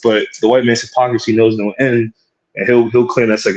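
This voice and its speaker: A man co-hosting a casual podcast, speaking in a rambling, relaxed, slangy way. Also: medium pitch, brisk, dull audio. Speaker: podcast co-host. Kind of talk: casual chat.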